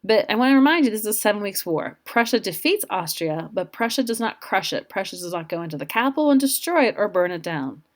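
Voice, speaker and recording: A woman's voice: mid-range voice, very animated, fast talker, hardly any pauses. Chatty woman teaching history. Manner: chatty and informal, with asides to students. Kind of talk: classroom lecture over slides.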